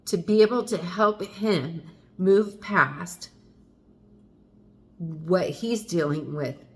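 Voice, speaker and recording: Frank, low-voiced middle-aged mom vlogging. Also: female voice, drawn-out words. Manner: frank and confessional, with wry asides and mild swearing. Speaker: mother talking to camera. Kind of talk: candid personal vlog.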